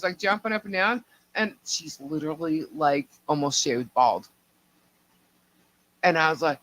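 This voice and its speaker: A woman's voice: mid-range voice, a bit bright, low-quality recording. A middle-aged woman co-hosting a live stream, telling a long family story in a rambling, chatty way and laughing between sentences. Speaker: livestream co-host.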